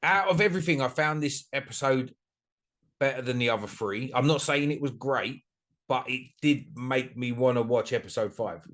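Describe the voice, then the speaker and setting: A man's voice: mid-range voice, moderate pace, a bit bright. A man co-hosting a casual podcast chat, rambling and self-deprecating with many restarts. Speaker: podcast co-host.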